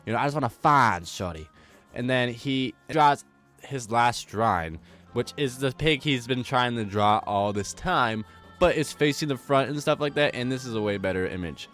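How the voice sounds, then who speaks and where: Young male commentary host, slangy and jokey, middle pitch, faint music underneath. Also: moderate pace, a bit bright. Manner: slangy, rambling, wisecracking. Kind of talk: casual recap commentary.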